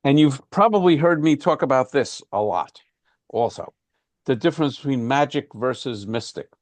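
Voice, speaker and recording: A man leads an informal class, explaining ideas in a conversational way and often restarting his sentences. His voice sits at an ordinary pitch, and the sound is dry and close. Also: animated, moderate pace, dry recording. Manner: conversational, with frequent restarts and fillers. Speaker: class teacher.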